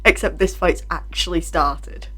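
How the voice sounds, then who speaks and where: A woman's voice: fairly low pitch, a little slow, pushed and bright, breathy edge. A woman hosting a reaction video, chatting casually and making self-deprecating asides.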